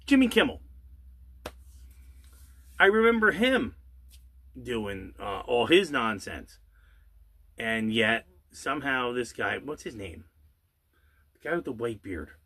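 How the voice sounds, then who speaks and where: Bright and forceful at a medium pitch, the man rants angrily on his channel, firing off sarcastic rhetorical questions and the odd swear word while drawing out words to make his point.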